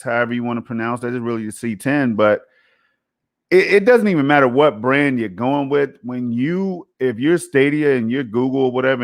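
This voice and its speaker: A man co-hosting a casual gaming podcast, talking emphatically in a conversational way and often tossing in "man" and "you know". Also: mid-range voice. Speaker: podcast co-host.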